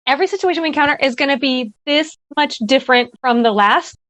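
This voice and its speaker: A woman's voice: high-pitched, fast, a bit bright, no room sound. A woman presenting at a virtual summit, giving earnest, conversational advice and often checking in with "right?". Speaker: workshop presenter. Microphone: video call.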